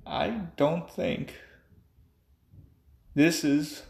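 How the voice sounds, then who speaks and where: A man's voice: fairly high pitch, drawn-out words, vocal fry, a little mellow. A young man ranting angrily and profanely in a monologue. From United States. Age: young adult. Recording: echoey room.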